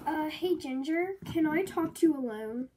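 A woman's voice: high voice, animated, moderate pace, dark tone, a little hiss or hum, rough recording. A woman voicing a bashful, teasing male horse in a toy horse role-play video. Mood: hesitant.

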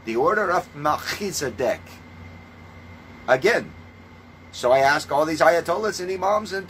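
A man preaching in a ranting monologue, scornful and full of swearing, moving between calm teaching and loud outbursts. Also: a little high, a little slow, long pauses, slight background noise, rough recording. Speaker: self-styled religious preacher.

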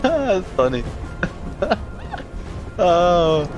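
A man chatting through a co-op game, his voice sitting a touch high and leaping all over the place. He laughs easily and protests jokingly, with game music playing behind him. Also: big pitch swings, highs cut off. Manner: chuckly, quick to laugh and protest. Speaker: co-op game player. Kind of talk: casual gaming chat. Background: game music and sounds.

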